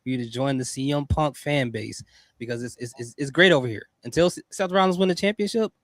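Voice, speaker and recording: A man hosting a casual wrestling podcast, relaxed and teasing, often repeating himself. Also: mid-range voice, fast talker, no room sound. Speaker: podcast host.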